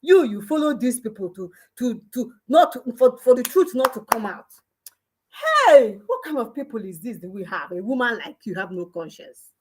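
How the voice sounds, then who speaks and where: A woman's voice: a little high, animated, normal speed, darkish tone, husky. A woman with a Nigerian accent ranting in an emphatic, scolding way as a vlogger, mixing in pidgin and local phrases. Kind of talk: ranting commentary.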